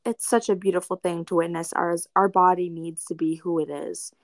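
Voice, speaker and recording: A woman's voice: fairly low pitch, flat delivery, moderate pace, no echo, clean studio sound. A young woman guest on a casual podcast, speaking candidly and earnestly with many fillers.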